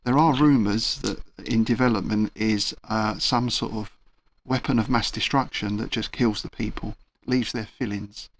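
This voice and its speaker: A man's voice: on the low side, normal speed. Man running a tabletop game. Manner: relaxed, storytelling with asides. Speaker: game master.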